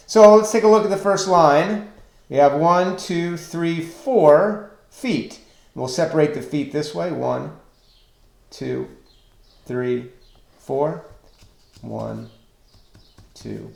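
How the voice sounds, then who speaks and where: A man teaching a recorded online lesson on poetic meter, slow and deliberate as he counts out stresses and feet. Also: medium pitch, vocal fry, a little mellow. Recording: echoey room.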